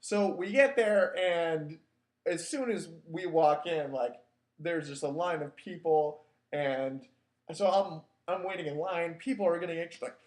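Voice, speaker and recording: A man's voice: a little high, a little slow. A man hosting a show, telling a personal story in a casual, wry, self-mocking way, loose with filler words. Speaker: podcast host. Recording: echoey room.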